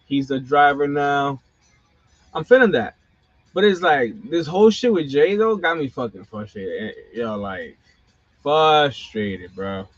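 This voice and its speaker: A middle-aged man with a somewhat high voice runs a casual live-stream rant, swearing freely and tossing in slangy asides. The sound is dull and lo-fi, very dry with no room around it. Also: expressive, a little slow, dry recording. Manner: profane, exasperated ranting with slangy asides. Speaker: wrestling channel host.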